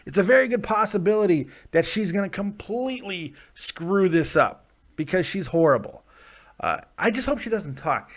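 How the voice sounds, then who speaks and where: A man's voice: fairly high pitch, lively intonation, fairly quick. A man hosting a wrestling preview stream, rambling and joking as he talks straight to his viewers. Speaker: wrestling vlogger. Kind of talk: casual live-stream commentary.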